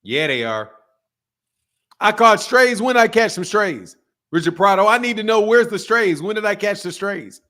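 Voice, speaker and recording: A man hosting a live boxing stream, trash-talking brashly, laughing often and swinging from loud outbursts to low mutters, with speech. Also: animated, normal speed. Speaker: boxing channel host. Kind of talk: live stream commentary with viewer chat.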